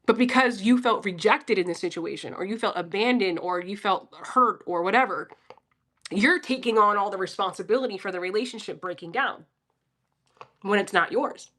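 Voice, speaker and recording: A woman's voice: mid-range voice, moderate pace, a bit bright. A woman from Philadelphia giving a casual, profane pep talk on a livestream and answering her chat. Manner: blunt, profane, talks straight to chat.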